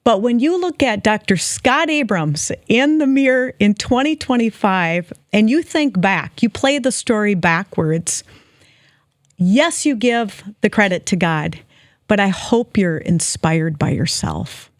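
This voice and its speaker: Slow, heartfelt woman podcast host. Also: medium pitch, animated, no room sound, studio quality. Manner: heartfelt, deliberate. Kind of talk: interview conversation.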